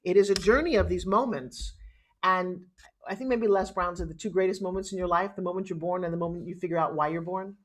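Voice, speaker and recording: Animated New York woman telling her story. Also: lowish voice, fast talker. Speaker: guest. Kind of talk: interview storytelling.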